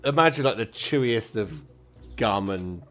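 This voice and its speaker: A man's voice: lowish voice, lively intonation, unhurried, a bit bright. A man narrating a tabletop game as dungeon master, casual and rambling.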